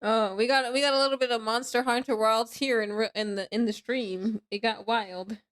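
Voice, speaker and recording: A woman's voice: on the high side, fairly even intonation, moderate pace, a bit bright. A young adult woman streaming live from her home computer, chatting casually with her viewers, laughing often and breaking into squeals when surprised. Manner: laughs a lot, squeals when startled, then drops to mumbling.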